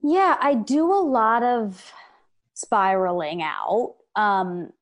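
Candid young woman, halting and reflective. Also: mid-range voice. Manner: open, self-reflective, frequent fillers and restarts. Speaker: guest. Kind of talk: candid conversational interview.

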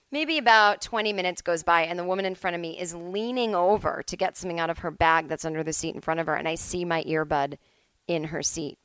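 A woman's voice: lowish voice, fairly bright tone, clean tone, no echo. Middle-aged woman, comedy podcast host, rambling self-deprecating storyteller, dry close mic. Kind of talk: casual comic storytelling. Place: at home.

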